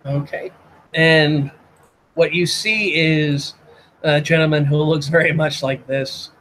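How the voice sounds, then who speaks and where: Slow, hesitant game master man. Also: a little high, steady tone, fairly bright tone, rough recording. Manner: hesitant, many fillers. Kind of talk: narrating a tabletop game.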